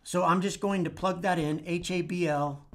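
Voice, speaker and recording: A man teaching a Spanish verb lesson, spelling out letters and repeating each form deliberately. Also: high-pitched, fairly even intonation, a bit bright, slight background noise. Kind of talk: whiteboard language lesson.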